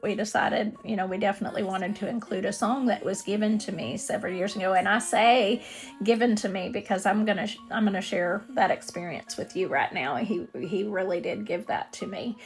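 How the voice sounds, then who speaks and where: A woman's voice: medium pitch, fairly quick, faint music behind. A woman singer-songwriter giving a personal testimony in an earnest, vivid storytelling manner.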